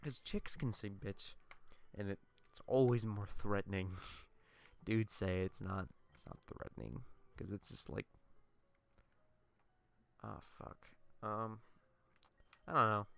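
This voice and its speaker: A man talks over his gameplay in a low, smooth, clear voice, drifting from one tangent to the next. He swears freely and sounds tired as he rambles through a story. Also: takes it slowly, pauses often, a bit bright. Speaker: let's play gamer. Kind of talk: casual gameplay commentary.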